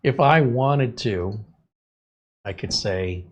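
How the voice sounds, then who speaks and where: A man's voice: on the low side, lively intonation, takes it slowly. Amused man reading replies aloud. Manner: amused, chuckling asides. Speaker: tech video host. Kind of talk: casual chat, reading chatbot replies aloud.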